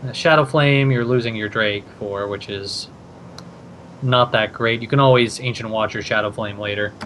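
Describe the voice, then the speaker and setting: A man's voice: fairly low pitch, fairly even intonation, moderate pace, a bit bright, slight background noise. A man casting a card game tournament, talking through each play with plenty of thinking-aloud fillers. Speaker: esports caster.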